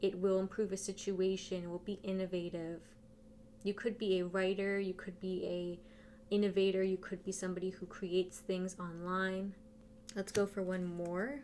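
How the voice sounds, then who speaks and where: Over slight background noise, a tarot reader speaks in a level, a little mellow, mid-range voice at a moderate pace. She keeps the reading casual, addressing viewers directly and thinking aloud while turning cards.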